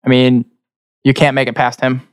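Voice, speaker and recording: A man's voice: mid-range voice, completely flat delivery, moderate pace, clean tone, no echo, studio quality. A man narrating as game master of a tabletop game, chatty and loose, often restarting his sentences.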